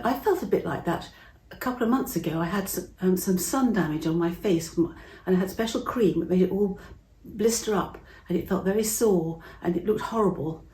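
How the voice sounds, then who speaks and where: A middle-aged woman from England telling a Bible story to children in a chatty, expressive way, acting out the voices. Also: medium pitch, echoey room.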